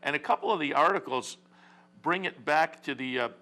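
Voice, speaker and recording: A man's voice: on the high side, a little fast, bright, forceful tone. A man hosting a horse racing talk show, rambling casually with many fillers and restarts.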